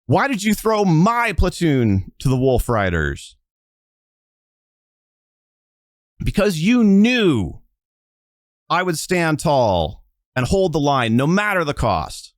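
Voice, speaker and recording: A man voicing a grieving woman soldier captain who shouts defiantly through tears. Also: on the high side, sing-song, slow pace, no room sound, clean studio sound, voice pushed up. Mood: furious. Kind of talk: tabletop game role-play.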